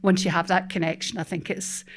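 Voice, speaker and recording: Relaxed woman on a panel. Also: lowish voice, brisk. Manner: relaxed, hedging with fillers. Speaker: panel guest. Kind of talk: casual panel chat.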